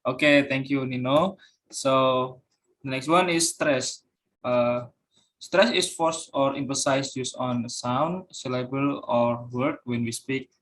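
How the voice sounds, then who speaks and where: A man's voice: mid-range voice, slow pace, fairly bright tone. A young man giving a class presentation, reading out points with frequent fillers and repeating each example word. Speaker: student presenter.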